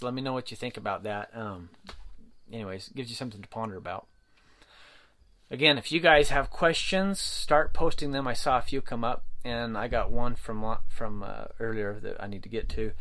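Man, mid pitch, casual riding-clinic talk, folksy, rambling, lots of fillers. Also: a bit bright. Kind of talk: casual livestream talk to viewers.

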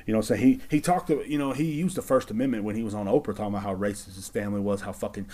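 A man's voice: fairly low pitch, rapid-fire, mellow. A man hosting a casual solo podcast, rambling and swearing as he talks to himself. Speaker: podcast host.

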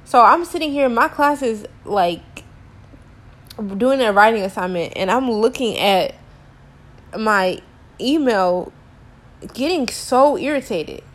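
A woman's voice: a little high, lively intonation, slow, pauses often. A young woman telling a frustrating story to camera in a casual rant, exasperated and slangy, with many filler words. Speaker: teacher.

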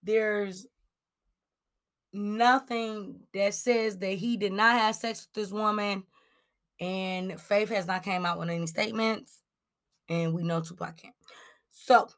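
With a mid-range voice, this Cleveland, Ohio woman hosts a celebrity gossip podcast slowly, stopping often to pause. She keeps it chatty and casual, using plenty of "like" and "um" and throwing in animated asides.

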